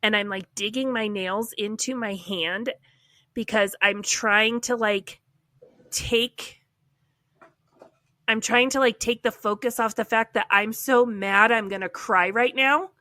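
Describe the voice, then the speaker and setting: A woman podcast co-host telling a personal story in a casual, animated way, filling her speech with "like.". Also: on the high side, takes it slowly, dry recording. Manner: animated, heavy use of "like".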